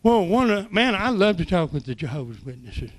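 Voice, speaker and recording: An older man preaching, telling folksy stories that swing from soft asides to loud exclamations. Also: a little high, very animated, brisk. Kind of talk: sermon testimony.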